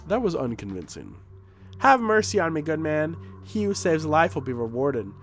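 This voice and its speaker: Man putting on a young boy, cocky, whiny, evasive, high, bouncy, game dialogue. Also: big pitch swings, moderate pace, soft background music. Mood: pleading. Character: cocky young boy, defensive double agent. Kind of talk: reading game dialogue aloud in voices.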